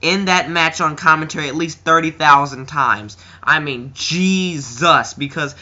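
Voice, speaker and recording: A teenage boy talks in a rambling, casual way, full of fillers and restarts. His voice is bright and sits a bit high, and the recording sounds slightly dull and lo-fi. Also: measured pace. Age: teens. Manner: rambling, filler-heavy, acts out quotes in a higher voice. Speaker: wrestling reviewer. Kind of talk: casual chat.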